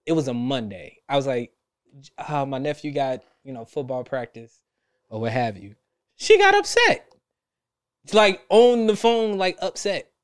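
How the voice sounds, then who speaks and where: Animated young man telling a story. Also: medium pitch, normal speed, smooth. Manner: animated, laughs a lot, acts out quotes. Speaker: podcast host. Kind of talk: casual storytelling chat.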